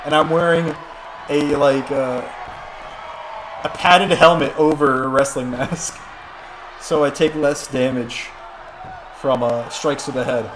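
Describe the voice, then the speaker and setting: A fairly high-voiced man calls a wrestling video game on a live stream in a loose, rambling, jokey way, breaking into excited play-by-play. A clear hum of background noise runs under his voice. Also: slow pace, pauses often, crowd noise. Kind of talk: casual live-stream commentary.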